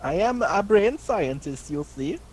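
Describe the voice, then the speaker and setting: A man voicing a deadpan mock German brain scientist on a call, with a put-on German accent and formal, stiff phrasing. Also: sits high, a little slow, noisy background. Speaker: caller.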